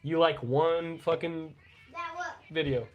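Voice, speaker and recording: A man's voice: a little high, steady tone, takes it slowly, phone-quality sound. A middle-aged man co-hosting a casual live podcast, telling profane, rambling stories and coughing now and then after a bout of pneumonia. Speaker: podcast co-host.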